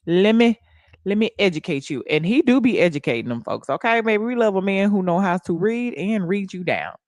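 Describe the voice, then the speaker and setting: A woman hosting a casual livestream, talking to her viewers in a loud, playful, hyped way and swearing freely. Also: mid-range voice, no echo, studio quality. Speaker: livestream host.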